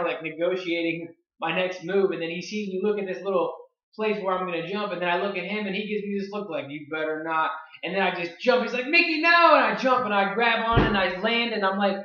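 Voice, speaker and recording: A man in his early twenties telling a story to camera in a casual, excitable way, full of "like" fillers. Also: high voice. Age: 20s. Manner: excitable, filler-heavy, lots of "like". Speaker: online marketing vlogger. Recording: roomy, dull lo-fi sound.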